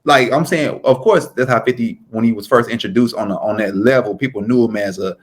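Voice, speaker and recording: A man co-hosting a podcast, talking in a relaxed, rambling way full of "like" and restarts. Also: medium pitch, slightly rough. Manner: relaxed, drawn-out storytelling with frequent "like". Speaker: podcast co-host. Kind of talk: casual chat.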